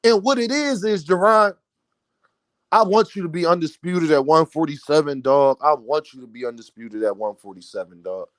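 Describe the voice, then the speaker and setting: A man with a high voice delivers opinionated boxing commentary. He speaks emphatically and addresses his audience directly. The sound is close and dry, with no room around it. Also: expressive, normal speed, no echo. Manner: emphatic, talks straight to his viewers.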